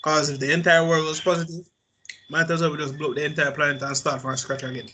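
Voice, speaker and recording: A slightly high-voiced man in a casual podcast chat, blunt and contrarian as he pushes back. Faint noise hums under his voice. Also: little pitch movement, fast, sharp tone, rough recording. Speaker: podcast co-host. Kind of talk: casual discussion.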